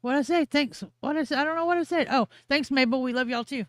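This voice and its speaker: A woman making soft, laid-back asides as co-host of a casual livestream, speaking away from the microphone. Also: sits high, quick pace, no echo, studio quality. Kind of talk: casual chat.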